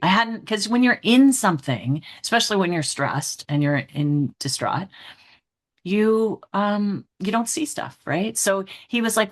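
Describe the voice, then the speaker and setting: Low-voiced woman telling lively stories. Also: unhurried. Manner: animated storyteller who acts out her own past thoughts; upbeat and candid, with frequent "like" and "right?". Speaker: guest, emotional intelligence trainer and author. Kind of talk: casual interview storytelling.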